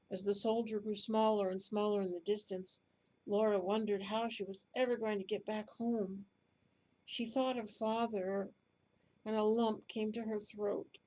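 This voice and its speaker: A woman reading a children's bedtime story aloud in a gentle, expressive way. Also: medium pitch, low-quality recording.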